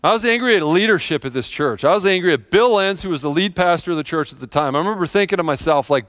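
A man's voice: high-pitched, animated, fast talker, few pauses, a bit bright, clear, resonant tone, no room sound, studio quality. A middle-aged man preaching a sermon to his church, earnest and emphatic, repeating phrases for effect. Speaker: pastor. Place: church sanctuary.

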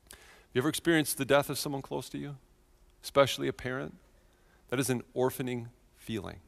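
A man in his thirties preaching a sermon in a church, telling a personal story with earnest feeling and swings from quiet to loud. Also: mid-range voice, brisk, creaky, pauses often, in a large hall. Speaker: pastor.

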